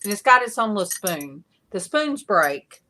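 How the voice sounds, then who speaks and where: A woman's voice: medium pitch, sing-song, normal speed, background noise. A woman hosting a casual online panel chat, telling rambling stories with frequent laughter over a video call.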